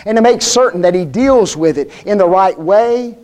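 A male preacher's high, somewhat mellow voice swoops up and down with lively intonation at a moderate pace. Keeping his sermon folksy and plain-spoken, he fires rhetorical question after question at the congregation.

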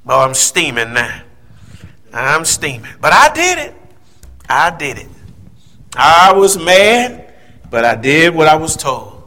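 A man in his fifties telling a personal childhood story, acting out the voices of the people in it. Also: a little high. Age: 50s. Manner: animated storyteller, acts out quoted voices.

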